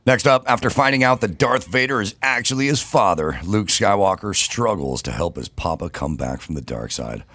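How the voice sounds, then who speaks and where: A man's voice: on the low side, lively intonation, normal speed, hardly any pauses, a bit bright, no room sound. A man co-hosting a podcast, reading short summaries in a matter-of-fact way between casual remarks. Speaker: podcast co-host reading segment intros. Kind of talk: casual chat and read-out summaries.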